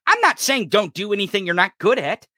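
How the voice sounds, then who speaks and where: A man's voice: high-pitched, sing-song, fairly quick, bright, forceful tone, dry recording, clean studio sound. A man hosting a podcast, delivering an angry, profane political rant. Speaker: podcast host.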